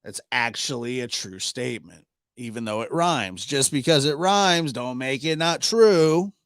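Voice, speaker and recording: A man with a mid-range voice hosts a live stream from a home studio in the Pacific Northwest, speaking slowly. He keeps the chat casual and relaxed, reading out viewers' names and locations. The audio is studio quality with no echo.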